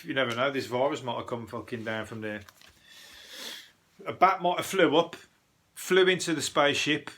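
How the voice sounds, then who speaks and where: A man's voice: medium pitch, moderate pace, long pauses, sharp tone, slight background noise. A man, hosting a casual comic news podcast, rambling, swearing and losing his thread. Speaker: podcast host, comedian. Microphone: cheap earbuds mic.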